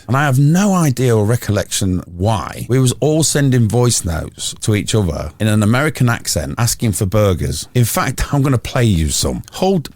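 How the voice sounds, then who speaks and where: A man's voice: mid-range voice, dry recording. A man hosting a casual football podcast, rambling through sweary pub anecdotes. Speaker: podcast host. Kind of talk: casual chat.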